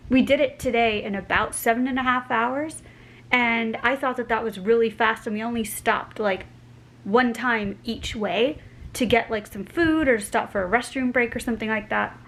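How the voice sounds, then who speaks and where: A woman's voice: a little high, normal speed, a bit bright, rough recording. Chatty American woman vlogger. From United States. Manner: rambling, chatty, full of filler likes. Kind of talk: casual chat to camera.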